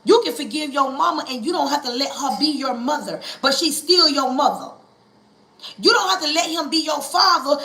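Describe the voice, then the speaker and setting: A woman's voice: high-pitched, sharp tone, roomy sound, poor audio. A woman preaching on a livestream, coaxing listeners and hammering her points through call-and-response and repetition. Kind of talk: impassioned livestream sermon.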